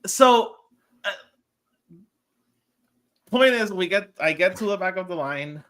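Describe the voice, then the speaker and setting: This man talks with a bright, pointed tone that sits somewhat high for a man. He is co-hosting a podcast and tells a story in a loose, chatty way, slipping into the voices of the people in it. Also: slow, smooth. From Puerto Rico. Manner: animated, acts out quoted dialogue. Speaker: podcast co-host. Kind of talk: casual storytelling chat.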